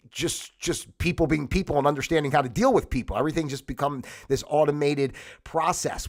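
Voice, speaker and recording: Rambling sniffly man hosting a livestream. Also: mid-range voice. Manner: casual, jumps between topics with many fillers and restarts. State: sniffly, stuffy nose. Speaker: host. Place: home in Florida.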